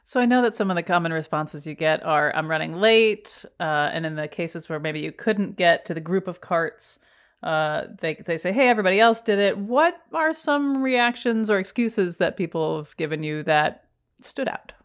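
A woman hosting an interview, asking measured, carefully phrased questions. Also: lowish voice, lively intonation. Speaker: host.

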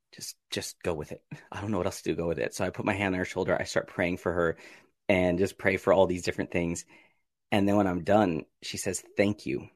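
During a casual podcast interview, a male guest narrates his story, often laughing and enacting his reactions with sharp rises in pitch. The recording is dry and studio quality.

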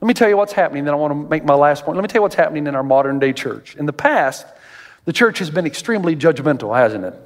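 A male pastor delivers a sermon in a high, lively voice, breaking into jokes and climbing sharply in pitch when he quotes people. The sound carries a long reverb, as though he is in a large hall. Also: fast talker. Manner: animated, jokey, rises high and loud in quoted voices.

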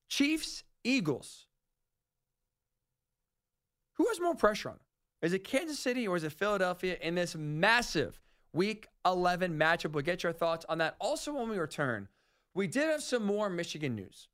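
A man hosting a sports talk radio show, rambling and animated, often correcting himself mid-sentence. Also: high voice, normal speed.

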